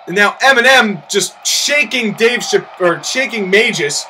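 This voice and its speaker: A man calls a wrestling match in a very high, bright voice. He is loud and excitable, often shouting and ranting in character between calls. A faint hiss of noise sits behind him. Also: a little slow, rough recording. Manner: loud, shouting outbursts, incredulous exclamations. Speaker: commentator of a simulated wrestling match. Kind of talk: excitable play-by-play commentary with in-character promo rants.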